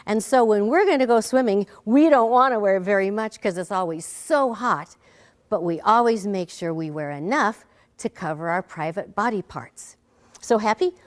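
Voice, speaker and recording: Lively preschool teacher woman. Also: medium pitch, normal speed. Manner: gentle, talks to a bear puppet and young kids. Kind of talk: children's lesson with a puppet.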